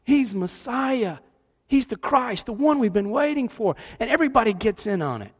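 A middle-aged man preaching a sermon, animated in his storytelling and shifting between loud and hushed delivery. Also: very high-pitched, moderate pace, slightly rough. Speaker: pastor. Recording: long hall reverb.

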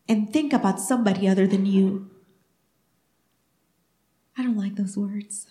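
Animated woman preaching in an echoey church. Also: fairly high pitch, normal speed, long pauses. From Mexican heritage. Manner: animated storytelling, acting out dialogue. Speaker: pastor. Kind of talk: sermon. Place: church sanctuary.

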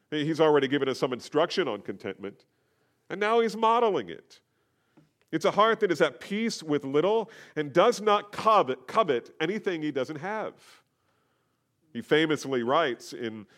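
A middle-aged male pastor delivers an expository sermon in a voice of ordinary pitch. He builds to emphatic peaks on key points and then falls back to quiet, measured phrases.

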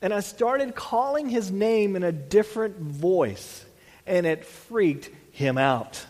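A man's voice: sits high, a little mellow, long reverb tail. A man preaching a sermon as a pastor, earnest, restarting phrases and dropping in "you know" asides.

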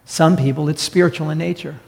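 A man's voice: fairly high pitch, steady tone, a little fast, creaky, darkish tone, long reverb tail. A man preaching a sermon as pastor, direct and emphatic, often asking the congregation rhetorical questions. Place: church sanctuary.

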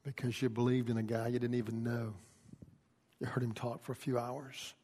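A man preaching a sermon, shifting from quiet, folksy storytelling to loud, impassioned pleading. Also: medium pitch, flat delivery, moderate pace, husky, long reverb tail. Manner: builds from quiet teaching to shouted pleading. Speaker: pastor.

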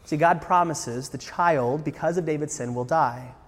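A male pastor preaching a sermon with a fairly high voice that carries a long reverb through the church hall. His manner is earnest, swelling into emphatic bursts and rhetorical questions aimed at the congregation. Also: moderate pace. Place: church sanctuary.

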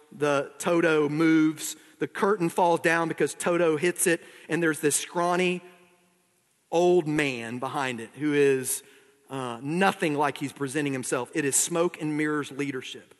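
A man's voice: a little high, fairly even intonation, measured pace. Male pastor preaching in a big hall. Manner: conversational preaching, reads aloud at length. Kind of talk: sermon.

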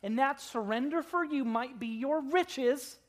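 This is an expository sermon, preached by a pastor to a church congregation at a measured pace. He or she speaks dramatically, drops in funny asides, and moves from booming emphasis down to quiet, low-voiced lines.

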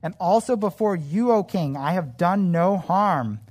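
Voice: mid-range voice, expressive, unhurried, a little mellow. A Bible teacher reading aloud the words of an ancient prophet speaking respectfully to a king, in a raised, emphatic reading voice. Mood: reverent.

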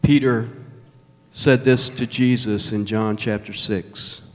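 A man preaching a sermon as pastor, emphatic and measured, with dramatic pauses. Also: fairly low pitch, fairly even intonation. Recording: long reverb of a large hall.

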